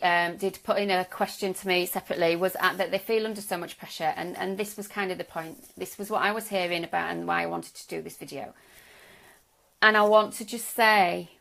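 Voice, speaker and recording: A middle-aged woman giving a live video talk on stress as a coach, gentle and reassuring, often checking in with her viewers and restarting her sentences. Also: medium pitch, creaky.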